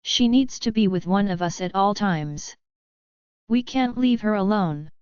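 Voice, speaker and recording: A woman voicing a protective, possessive young werewolf alpha king, in a gruff, commanding way, in an audiobook. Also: high voice, measured pace, no echo, lo-fi sound. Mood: stern.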